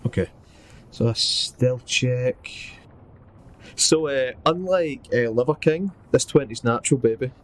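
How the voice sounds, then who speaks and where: A man's voice: medium pitch, measured pace, slight background noise, rough recording. Playful man at the game table. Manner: chatty and playful, laughs often. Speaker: player. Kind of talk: casual tabletop play.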